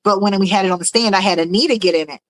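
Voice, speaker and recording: A woman's voice: mid-range voice, racing, a bit bright, dry recording, low-quality recording. Rambling, chatty woman hosting a livestream. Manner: rambling and chatty, with frequent fillers and laughs. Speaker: livestream host reading chat. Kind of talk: casual livestream chat. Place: at home in a room with fish tanks.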